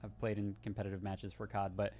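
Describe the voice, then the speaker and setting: A man's voice: on the low side, completely flat delivery, fast talker, mellow. A man co-hosting a casual gaming news show, rambling a bit with restarts as he reads out the news. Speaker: co-host.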